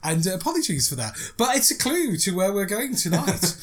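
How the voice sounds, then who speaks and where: Male podcast co-host, slightly higher voice, very expressive, laughs easily. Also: brisk. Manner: lively, laughs often. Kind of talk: casual chat.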